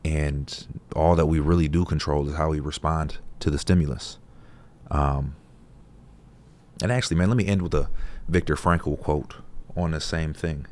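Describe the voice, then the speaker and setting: A man's voice: extremely low pitch, steady tone, normal speed, darkish tone. A man talking casually and reflectively to camera in a laid-back, profane, conversational way. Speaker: vlogger.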